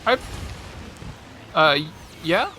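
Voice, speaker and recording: A man's voice: on the high side, very animated, extremely slow, sharp tone, slight background noise. A man streaming a game, chatting casually in a rambling, joking way and often cutting himself off mid-sentence. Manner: rambling, self-interrupting, joking. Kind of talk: casual gaming chat.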